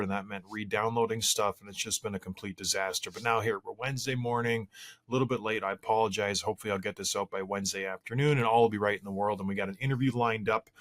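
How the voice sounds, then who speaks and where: A man in his thirties hosts his podcast alone, with a slightly low voice. He chats in a loose, rambling way, tells stories against himself, and restarts his sentences often. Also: a bit bright. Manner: rambling, self-deprecating storytelling with frequent restarts. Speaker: podcast host. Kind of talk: casual solo podcast chat.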